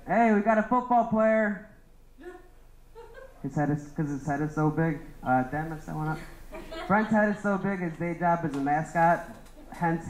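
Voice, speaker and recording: A man's voice: on the high side, reverberant, rough recording. A young man doing a rambling stand-up roast of his friends, laughing at his own jokes. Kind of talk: open-mic roast set.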